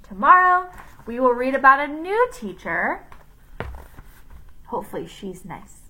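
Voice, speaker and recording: A woman teacher reads a chapter book aloud to children. Her voice is bright and very lively, rising and falling as she keeps them encouraged. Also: sits high, a little slow, rough recording. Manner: expressive, encouraging.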